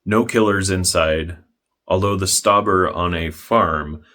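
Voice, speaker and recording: Young male vlogger, low-pitched, deadpan narration with dry wit. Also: takes it slowly. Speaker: history vlogger.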